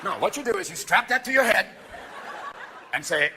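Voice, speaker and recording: A man performing a stand-up comedy routine on a theater stage, manic and shouting his punchlines as he jumps between voices. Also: high voice, animated, normal speed, slight background noise. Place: theater stage before a live audience. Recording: live show with loud crowd laughter.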